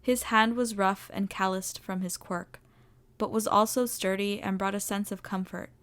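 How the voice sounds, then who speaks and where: A woman with a mid-range voice reads a story aloud in the second person. Her narration is expressive and animated. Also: medium pitch, normal speed. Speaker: story reader. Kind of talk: fan fiction audio narration.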